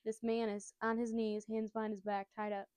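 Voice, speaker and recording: A woman's voice: on the high side, little pitch movement, brisk, darkish tone, clean tone, no echo. A woman casually retelling a comic chapter, bubbly and rambling, full of jokey asides. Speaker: storyteller recapping a manga.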